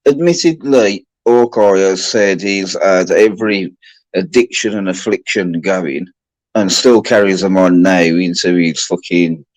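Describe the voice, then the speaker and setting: A man hosting a livestream chat, rambling and halting with restarts. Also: low-pitched, no room sound, low-quality recording. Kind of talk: casual chat.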